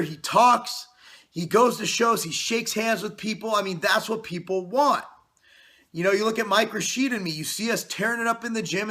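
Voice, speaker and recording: A man in his forties talks straight to camera from his basement in a high, bright voice. He is loud and passionate, slightly out of breath and stuffy-nosed. He leans on "you know" and swears casually. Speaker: fitness channel host. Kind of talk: casual vlog talk to camera. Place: home basement.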